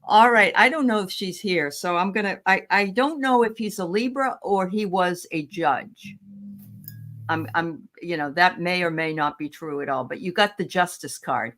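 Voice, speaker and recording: A woman's voice: on the low side, normal speed. A woman host in casual chat who reads cards with an upbeat, laughing manner. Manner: lively, warm laughter, upbeat. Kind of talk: casual chat and card reading.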